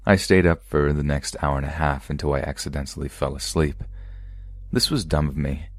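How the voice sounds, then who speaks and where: A man reading true scary stories aloud as a podcast narrator, in a calm, even storytelling delivery. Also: extremely low pitch, normal speed, dry recording, studio quality.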